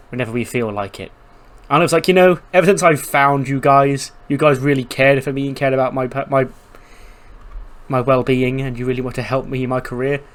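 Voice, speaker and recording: A man casually narrating his game playthrough, chatty and storytelling with lots of fillers. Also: mid-range voice. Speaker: game streamer.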